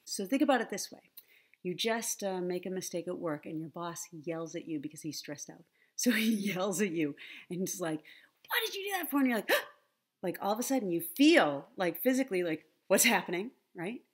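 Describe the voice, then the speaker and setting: A woman's voice: lowish voice, moderate pace. A woman presenting an online conference talk with slides, friendly and teacherly, often checking in with "right?" and "okay?". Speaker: conference speaker on the brain and language learning. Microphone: computer mic, online presentation.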